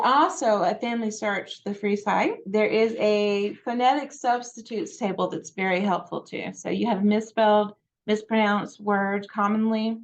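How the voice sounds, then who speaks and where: Woman genealogy presenter, chatty and meandering, slightly high voice. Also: muffled recording. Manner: chatty, digressive, many fillers. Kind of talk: library presentation.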